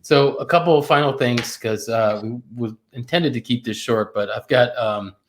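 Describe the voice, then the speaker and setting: A man co-hosting a casual livestream with his wife, playful and quick to laugh, with casual swearing. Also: medium pitch, a little hiss or hum. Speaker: co-host. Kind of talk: casual couple's livestream talk.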